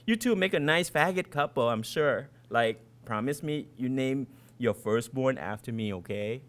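A man's voice: mid-range voice, expressive, normal speed, voice pushed down, natural voice. A man reading aloud and voicing a snide, teasing teenage schoolgirl with a sarcastic manner. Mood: catty teasing.

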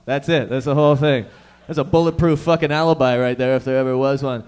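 A man's voice: on the high side, steady tone, clear, resonant tone. Profane stand-up comedian, man. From Toronto area, Canada. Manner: profane, rapid-fire joking to the crowd. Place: comedy lounge stage.

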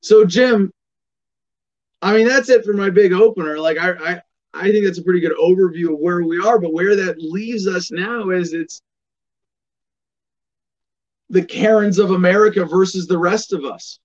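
A man's voice: sits high, normal speed, pauses often, muffled recording. Sardonic male political commentator. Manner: sardonic, emphatic, reads text aloud. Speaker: host of a political commentary show. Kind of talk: opinionated commentary monologue.

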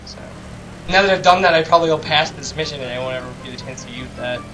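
A fast-talking man with a voice on the high side casually commentates a video game as a let's-play creator, rambling, making chatty asides, and joking at his own expense. Game music plays behind him, along with crowd noise, on a low-quality recording.

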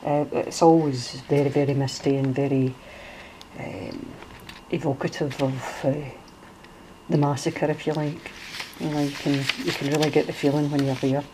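A middle-aged woman from Scotland, speaking with a Glaswegian accent, casually shows off a handmade junk journal, her talk full of fillers and restarts. Her voice is low and steady at a moderate pace, with noise in the background.

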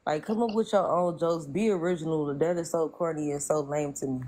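A woman's voice: deep voice, fairly even intonation, fairly quick, dark tone. A young woman in a casual live stream chat, outspoken and often laughing, talking through a phone.

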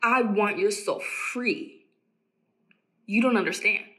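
A woman casually preaching to camera as an evangelist, emphatic and repeating phrases for stress, sometimes dropping to a hushed near-whisper. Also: mid-range voice, slow pace. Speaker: Christian evangelist.

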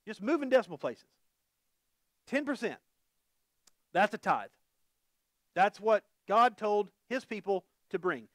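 Man pastor, high voice, dry close sound, folksy sermon, asks the crowd questions. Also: very animated, measured pace, pauses often, fairly bright tone, no room sound. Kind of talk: conversational sermon.

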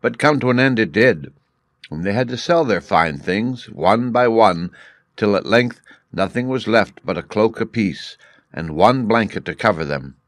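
A man narrating a story for English learners in a clear, measured way. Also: fairly low pitch, expressive, no echo, studio quality.

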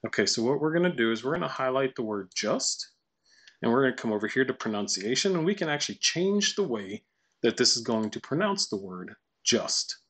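A man walking through a software tutorial casually, thinking aloud and reading lines out to test them. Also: mid-range voice, big pitch swings, brisk, husky. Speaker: tutorial presenter. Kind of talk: screen-recorded software tutorial.

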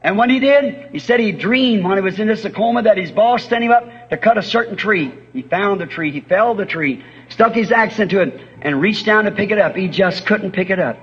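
Husky, high-voiced old-time revival preacher. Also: male voice, expressive, a little fast, few pauses. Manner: impassioned, rising to fervent cries. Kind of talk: revival sermon and prayer. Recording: dull old tape recording of a sermon.

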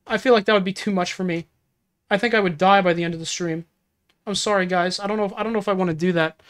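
A woman game streamer chats off the cuff with her audience, rambling from one thought to the next. She laughs easily and gets flustered, her voice sitting at a middling pitch. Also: fast. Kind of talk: casual livestream chat.

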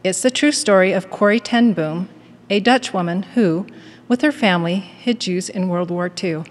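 A woman giving a prepared devotional address in a measured, earnest manner and reading a story aloud. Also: medium pitch, big-room sound. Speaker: devotional speaker at a university.

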